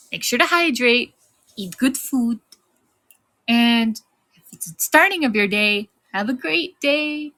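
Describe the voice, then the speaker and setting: A woman's voice: on the high side, sharp tone. A young woman streamer chatting casually on a live stream, giggling often as she thanks viewers and reads the chat.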